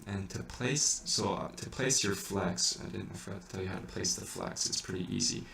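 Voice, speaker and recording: Low gravelly guy walking through chant rules, halting, kinda far from the mic in an echoey room. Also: bright, forceful tone. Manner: thinks aloud, hesitant with many restarts, breaks into sung examples. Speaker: chant teacher. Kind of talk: informal music lesson. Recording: echoey room, mic at a distance, faint hiss.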